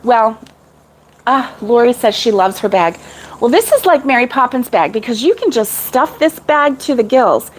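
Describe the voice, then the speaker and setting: A woman's voice: fairly high pitch, animated, moderate pace, low-quality recording. Giggly rambling middle-aged woman. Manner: giggly, rambling, laughs often. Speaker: crochet vlogger. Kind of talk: casual chat with live viewers.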